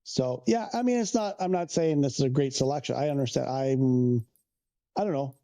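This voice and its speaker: Gravelly, mellow man streaming. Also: mid-range voice, normal speed. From Canada. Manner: rambling, trails off and restarts, answers chat questions. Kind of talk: casual livestream chat with viewers.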